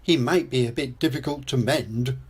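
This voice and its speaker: An older man voicing a jolly father pig in a storybook reading, with a loud hearty voice. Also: mid-range voice, normal speed, slightly rough.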